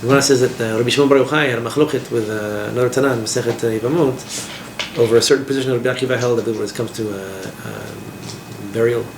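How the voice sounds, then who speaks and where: A man, a rabbi, teaching an informal class in a lively way, asking his listeners questions and using Hebrew terms. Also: mid-range voice, quick pace, few pauses. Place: classroom with a small group. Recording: echoey room with background noise.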